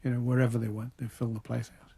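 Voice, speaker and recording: A man's voice: medium pitch, little pitch movement, rapid-fire, creaky, dark tone, slightly rough. An older man from Liverpool with a Liverpool accent, thinking back as an interview guest with frequent restarts. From Liverpool, England. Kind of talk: radio interview.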